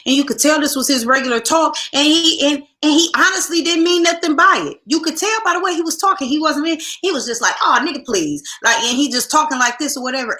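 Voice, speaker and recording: Emphatic woman with a bright, high voice. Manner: emphatic, repetitive, storytelling with restarts. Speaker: podcast co-host. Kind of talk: casual opinion talk reading listener comments.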